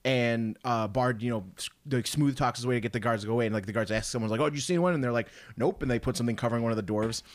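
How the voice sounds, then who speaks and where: A man in casual podcast chat about movies, animated and quick to mock outrage. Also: mid-range voice, no echo. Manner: animated, bursts into loud mock outrage and quoted lines. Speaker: podcast co-host.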